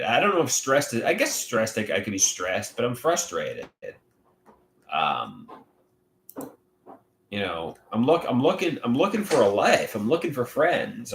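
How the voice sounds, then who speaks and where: A man livestreaming on his own, reading viewer comments aloud and talking in a halting, rambling way with many restarts. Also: mid-range voice, huge pitch swings, fairly bright tone, roomy sound, slight background noise. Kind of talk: casual livestream chat.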